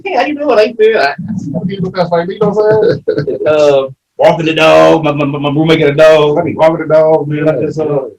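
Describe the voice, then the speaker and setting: Emotional, halting man in his fifties. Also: on the high side, far from the mic, rough recording. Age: 50s. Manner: rambling, halting, swings from hushed to loud and tearful. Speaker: support group member. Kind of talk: emotional personal sharing.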